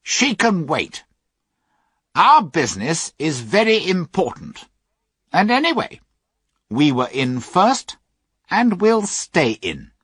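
A man voicing a rude, dismissive gentleman in a storybook reading. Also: a little high, huge pitch swings, takes it slowly, pauses often, husky, no echo, clean studio sound, voice pushed up, exaggerated voice. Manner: unpleasant and dismissive.

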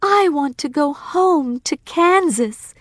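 A woman's voice: lively intonation, slow, dry recording, studio quality. A woman voicing a young girl who pleads to go home, in a raised, eager voice. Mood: pleading. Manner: high and pleading.

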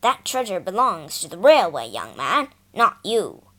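A woman voicing a stern male station master who scolds in a booming, deep-pitched voice. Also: big pitch swings, moderate pace.

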